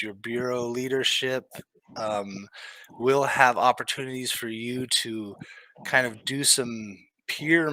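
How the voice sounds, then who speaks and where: A man who manages a training team, presenting an online training session in a relaxed way with many pauses and fillers. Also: fairly low pitch, no room sound, rough recording. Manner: relaxed, many ums, slow and measured.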